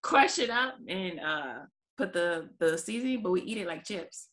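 A woman's voice: lowish voice, expressive, normal speed, noisy background. A woman on a podcast panel telling a story in a rambling, hesitant way. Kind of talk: casual late-night podcast chat.

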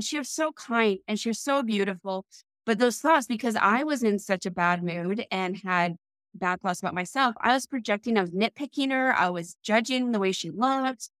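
A woman's voice: mid-range voice, fairly bright tone, no echo. A woman co-hosting a faith podcast, telling a personal story in a candid, heartfelt way. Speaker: podcast co-host.

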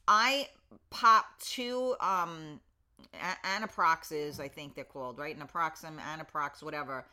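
A woman's voice: low-pitched, a little slow, sharp tone. A woman around fifty hosting a casual live stream, chatty and reading viewers' comments aloud with lots of fillers, a little foggy and in pain. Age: 50s. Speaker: livestream host.

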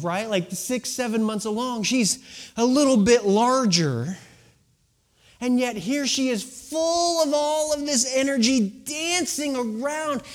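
A male pastor in his thirties delivers a sermon in a high voice that swings widely in pitch. He tells his stories at an unhurried, deliberate pace and stretches phrases out for drama. At times he sinks almost to a whisper to drive a point home. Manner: animated storytelling, drawn-out dramatic phrasing, dropping to a hush for emphasis.

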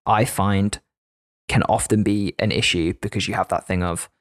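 Low-voiced man in casual podcast chat. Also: moderate pace, no room sound, studio quality. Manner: animated, acts out players' lines. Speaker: podcast co-host and game master.

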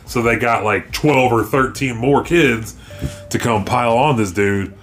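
A man's voice: medium pitch, measured pace, slight background noise. A man co-hosting a casual podcast, chiming in with comments and swearing casually. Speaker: podcast co-host. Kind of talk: casual chat.

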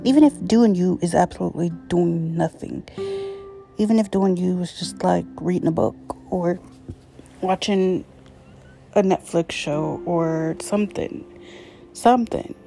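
A young woman hosts a casual solo podcast on her own microphone. Her voice sits low, and her talk rambles wearily with breathy little asides. Faint music plays behind her. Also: unhurried, warm tone. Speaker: podcast host. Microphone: USB microphone.

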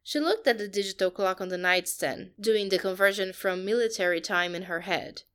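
A woman, reading a fanfiction story aloud in a steady, even way. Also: medium pitch, normal speed, smooth. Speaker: podcast host and reader.

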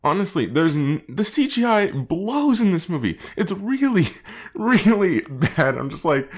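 A man reviewing a movie in casual chat, animated, laughing often and using many fillers. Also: high-pitched, measured pace.

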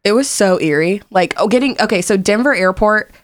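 A woman's voice: medium pitch, animated, a little fast. A young woman from Indiana in casual chat, talking freely with many fillers and frequent laughs. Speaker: guest.

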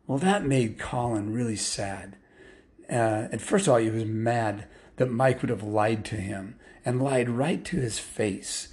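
A man's voice: medium pitch, expressive, unhurried, a little mellow. A man telling a story casually, rambling and stringing clauses together with "and" and "well.".

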